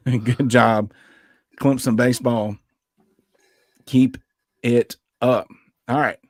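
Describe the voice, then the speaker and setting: A man's voice: medium pitch, steady tone, very slow, darkish tone, no room sound, clean studio sound. A man co-hosting a casual sports podcast, upbeat and chatty, running through news and show announcements. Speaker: podcast co-host.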